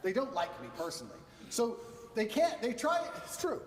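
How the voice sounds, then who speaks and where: High, animated man, boastful and emphatic. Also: normal speed, echoey room, in a large hall, recorded from a distance. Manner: emphatic, repetitive punchy lists. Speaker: interview guest. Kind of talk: boastful interview talk.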